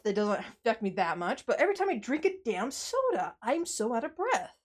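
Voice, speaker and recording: Slightly high and sing-song, her voice moves at a moderate pace with hardly any pauses. She's a streamer chatting casually after exercising, out of breath and tired, rambling, sighing often and joking at her own expense.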